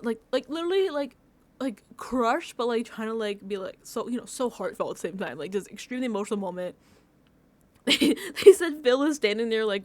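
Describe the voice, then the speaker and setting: A woman with a slightly high voice talks through a reality show recap in a loose, conversational way. She tells stories with animated swings, and her lines are full of fillers and bursts of laughter. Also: no room sound. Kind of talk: casual recap chat.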